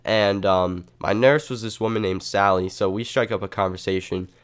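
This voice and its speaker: Rambling, profane, low-voiced man. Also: fairly even intonation, normal speed, smooth. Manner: rambling, profane, full of fillers. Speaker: comedy vlogger. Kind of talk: improvised comedic storytelling.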